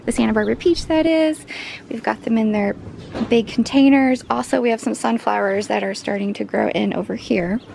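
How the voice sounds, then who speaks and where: Chatty woman with a gravelly higher voice. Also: brisk, darkish tone, a little hiss or hum. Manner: chatty, rambling, coos at her dog in a high voice. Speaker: vlogger. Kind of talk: casual home vlog chat. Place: home and backyard garden.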